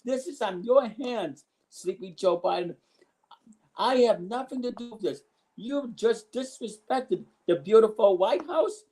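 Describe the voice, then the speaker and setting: A man's voice: sits high, animated, unhurried, warm tone, poor audio. A man reading out the taunting lines of a boastful older male ex-president in a wrestling storyline, with bragging, insulting phrasing.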